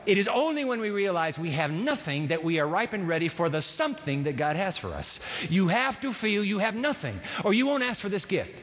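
A male pastor preaches to his congregation, turning the passage into a lively story full of asides. His voice sits high and swings widely in pitch. A long reverb from the church hall trails after him. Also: a little fast, few pauses. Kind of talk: sermon.

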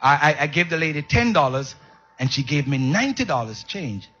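A high, bright, slightly husky male preacher delivers a call-and-response sermon, shouting one moment and dropping to soft asides the next, often stumbling over repeated words. The recording is dull and lo-fi. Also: sing-song, brisk. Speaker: pastor.

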